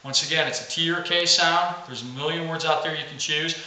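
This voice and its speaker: Bright-voiced man teaching duck calling, very echoey. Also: fairly high pitch, steady tone, fast talker, distant mic. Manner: plain, practical teaching, saying quack aloud to demonstrate. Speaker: duck call instructor. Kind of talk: instructional how-to video.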